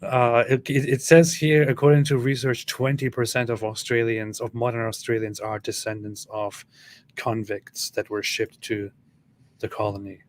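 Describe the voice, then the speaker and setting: A man's voice: mid-range voice, level tone, moderate pace. A man co-hosting a live stream, reading viewer comments aloud and laughing at them in casual chat.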